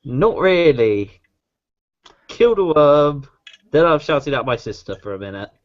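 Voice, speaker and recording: A man's voice: fairly high pitch, lively intonation, a little slow, lo-fi sound. A man playing a tabletop game, talking casually and easygoing, a bit distracted. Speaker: player.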